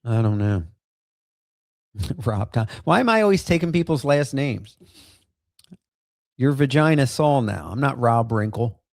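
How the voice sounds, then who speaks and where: A man with a gravelly, creaky voice hosts a loose livestream. He rambles and fills gaps with lots of "uh"s and laughs. His mid-pitched voice sounds close and dry. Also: animated, measured pace, long pauses, dry recording. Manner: rambling with many fillers and laughs. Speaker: livestream host. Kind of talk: casual rambling livestream chat.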